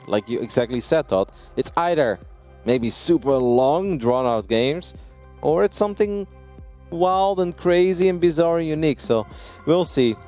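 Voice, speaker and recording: Excited guy casting a pvp match, laughs a lot, voice shoots way up sometimes, faint music behind. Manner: excitable, laughs often, jumps high in pitch. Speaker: esports caster. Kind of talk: live game commentary.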